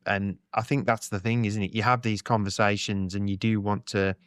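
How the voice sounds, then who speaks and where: A man co-hosting a podcast, telling relaxed stories and slipping into quoted voices. His voice sits fairly low. It is recorded dry, with no room around it. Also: moderate pace, dry recording. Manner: relaxed anecdotal, acts out quotes. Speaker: podcast co-host. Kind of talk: casual chat.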